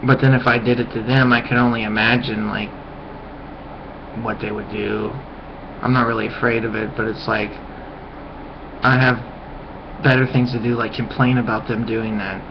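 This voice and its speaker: A young man ranting casually to his webcam, rambling with lots of "like" fillers and dropping to a low mutter at times. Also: little pitch movement, normal speed, vocal fry, long pauses, background noise. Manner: mocking high-pitched yelps when imitating friends. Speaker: vlogger. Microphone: webcam mic. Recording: dull lo-fi webcam audio.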